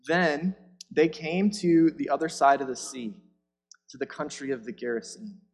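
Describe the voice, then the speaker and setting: A man's voice: a little high, moderate pace, husky. Conversational male preacher, reverberant hall. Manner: conversational, checks in with listeners. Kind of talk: sermon, Bible reading and explanation.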